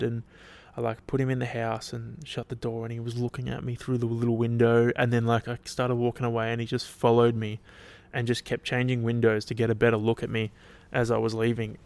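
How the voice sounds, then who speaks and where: A man's voice: mid-range voice, monotone, fairly quick, few pauses, a little mellow, clear, resonant tone. A young Australian man hosting his podcast alone, chatting casually in a loose, rambling and sweary way. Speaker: podcast host. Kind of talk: casual solo chat.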